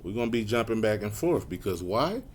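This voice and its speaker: A man's voice: on the low side, big pitch swings, a little mellow, a little hiss or hum. Laughing casual preacher man. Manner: casual and conversational, laughing often, slows to read verses. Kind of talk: sermon with scripture reading.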